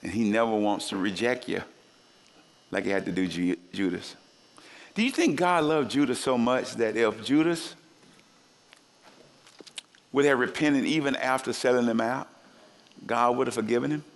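At a normal pace, a gravelly-voiced man preaches with energy and humor, pausing often and jumping into high voices when acting out quoted figures. Long reverb from the hall surrounds him.

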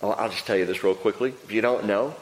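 A man preaching a sermon, telling the story with animated delivery and acting out voices. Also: lowish voice, fast. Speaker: pastor. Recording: echoey hall reverb.

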